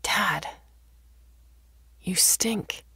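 A woman voicing an exhausted grown daughter caring for her father, sharp and half-whispered. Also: medium pitch, drawn-out words, vocal fry, breathy edge, no room sound, full character voice. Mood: exasperated.

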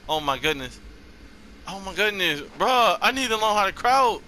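A man hosting his gaming channel, giving casual gameplay commentary with loud, excitable, repeated exclamations. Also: sits high, normal speed. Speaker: gaming YouTuber host.

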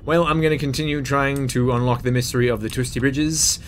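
This young man's medium-pitched voice is brisk, with a faint hiss or hum underneath. It's a relaxed let's-play where he cracks jokes, mutters to himself, and yelps with excitable panic as he plays.

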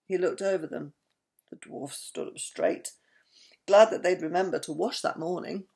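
A woman's voice: on the low side, normal speed, gravelly, darkish tone, slightly rough. An older woman, a grandmother, chatting affectionately with her grandchildren and reading them a bedtime story.

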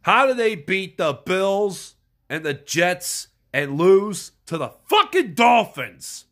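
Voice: medium pitch, big pitch swings, slow. An irate fan ranting and swearing about their team, sounding stuffed up from a cold. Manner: furious, yelling and swearing. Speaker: sports fan vlogger. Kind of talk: angry profane rant.

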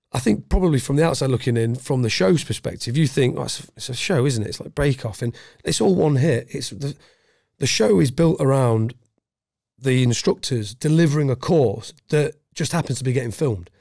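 A middle-aged Englishman, formerly in the special forces, appears as a podcast guest in a casual interview, talking bluntly and swearing heavily. His medium-pitched voice is gravelly and a little mellow, with lively intonation and normal speed, captured in a dry, studio-quality recording.

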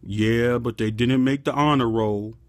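A man imitating an overly negative person in a lower, grumbling voice. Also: measured pace, dry recording, close to an everyday voice. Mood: gloomy. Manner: flat, grumbling, deflating.

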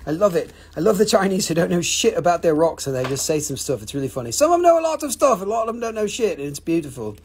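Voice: medium pitch, big pitch swings, fast, few pauses, a little mellow, slight background noise. A live-stream rock and mineral seller chatting casually, with joking, profane, rambling sales patter.

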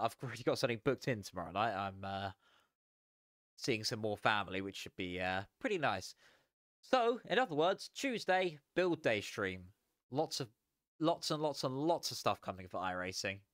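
A tired young man chatting casually as a sim racing streamer, relaxed and rambling with frequent chuckles. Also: medium pitch, moderate pace, dry recording, clean studio sound. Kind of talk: casual live stream chat.

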